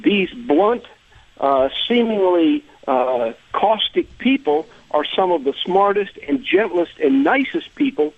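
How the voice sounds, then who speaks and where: A man's voice: high-pitched, sing-song, measured pace, gravelly, no room sound. A man from the American South calling in to a radio talk show, ranting emphatically and repeating words as he starts his sentences. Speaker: caller. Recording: tinny phone line.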